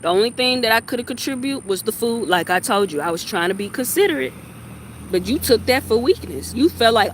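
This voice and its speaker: A woman's voice: a little high, expressive, a little fast. Heated, scolding woman ranting outdoors. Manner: heated, scolding, repeats lines for emphasis. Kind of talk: ranting monologue to camera. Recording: faint street noise outdoors.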